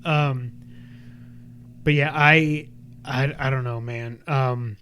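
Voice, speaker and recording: A man's voice: medium pitch, slow, smooth. A man co-hosting a podcast, chatting casually about a video game with lots of fillers and restarts. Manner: rambling, animated, frequent fillers and restarts. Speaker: podcast co-host. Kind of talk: casual gaming chat.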